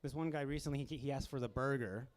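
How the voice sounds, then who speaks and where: Young man doing stand-up, casual and deadpan. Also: medium pitch, quick pace. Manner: casual, deadpan asides, acts out customers. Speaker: stand-up comedian hosting a comedy show. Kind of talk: stand-up comedy set. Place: small comedy club, live audience.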